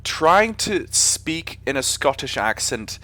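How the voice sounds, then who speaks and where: A man's voice: on the high side, big pitch swings, takes it slowly, sharp tone. Chatty Englishman streaming a flight sim. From England. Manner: chatty, rambling, frequent self-corrections. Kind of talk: casual live-stream commentary.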